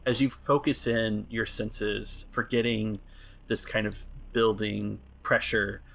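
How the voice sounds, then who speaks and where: A man serving as game master, narrating a tabletop game in a calm, measured way with frequent small restarts. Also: fairly low pitch, creaky.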